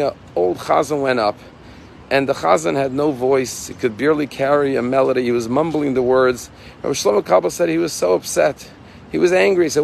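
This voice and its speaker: A rabbi giving a short Torah lesson, telling a story earnestly and slowing down on the key points. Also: male voice, mid-range voice, vocal fry. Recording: faint street and car noise behind.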